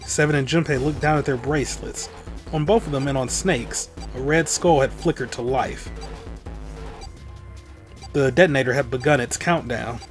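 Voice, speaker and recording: A man's voice: mid-range voice, moderate pace, faint music behind. A man hosting a let's play, reading a visual novel's text aloud in a dramatic voice and dropping in casual comments. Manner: dramatic read-aloud broken by offhand comments.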